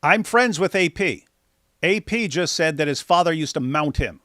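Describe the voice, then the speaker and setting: A man's voice: on the high side, animated, moderate pace, fairly bright tone, no echo, clean studio sound. A man hosting a livestream, reacting to clips with sarcasm, stammered restarts and incredulous laughs. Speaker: host.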